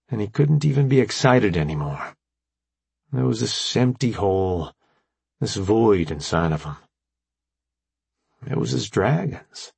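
Gravelly male audiobook narrator. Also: fairly low pitch, no echo. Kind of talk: scripted narration.

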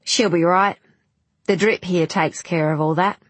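Woman putting on a brisk night nurse, blunt, matter-of-fact, husky, raised pitch. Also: steady tone, dry recording. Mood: brusque.

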